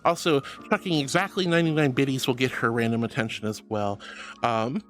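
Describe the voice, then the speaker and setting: A man's voice: medium pitch, steady tone, brisk, fairly bright tone, soft background music. A man hosting a casual livestream and reading his chat aloud, chatty and apologetic, affectionately calling his viewers sweetie and honey. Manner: chatty and apologetic, self-described yapper.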